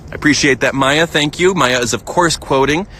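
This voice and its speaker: A playful American man chats through a phone live stream, reading viewer comments out loud. His voice is bright and forward, and he keeps giggling and leaping up into a squeaky register for the jokes. He sounds relaxed, like he is talking from outdoors. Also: brisk, slight background noise. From United States. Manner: playful, giggly, jumps up into a high voice when joking. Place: outdoors, lounging in a field.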